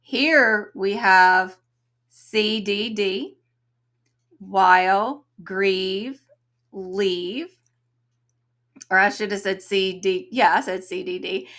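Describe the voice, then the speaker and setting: Young woman, unhurried poetry explainer, mid-pitched voice, slow measured delivery. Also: a bit bright. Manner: slow, explanatory, reads quotes aloud. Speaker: host of a poetry reading channel. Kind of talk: poetry reading and analysis.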